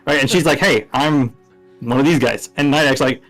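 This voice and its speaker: A man's voice: medium pitch, normal speed, a bit bright, faint music behind, low-quality recording. A man playing a tabletop game, animatedly laying out a plan and checking in with "right?" after nearly every step. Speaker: player.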